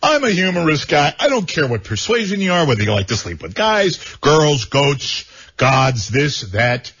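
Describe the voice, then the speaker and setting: A man's voice: a little high, big pitch swings, normal speed, fairly bright tone, husky. Rambling, joking male talk radio host. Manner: rambling, joking, stammering repeats. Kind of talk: casual talk radio banter. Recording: dull lo-fi radio sound.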